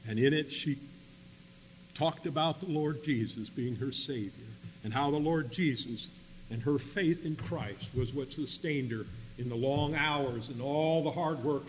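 A man telling a story in a sermon, swinging between loud emphatic bursts and quiet asides. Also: mid-range voice. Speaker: preacher. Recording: long hall reverb with faint hum.

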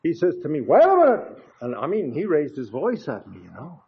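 Older male preacher, folksy storytelling sermon, fairly high voice, dull lo-fi sound. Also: big pitch swings, fairly quick, vocal fry, husky. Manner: chatty, anecdotal, frequent "you know" asides. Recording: dull lo-fi recording.

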